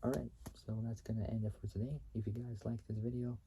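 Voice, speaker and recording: A man hosting his own video channel, reading car facts in a halting way, often restarting and repeating phrases and correcting himself. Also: medium pitch, level tone, gravelly, dark tone, a little hiss or hum, poor audio. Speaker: YouTube channel host.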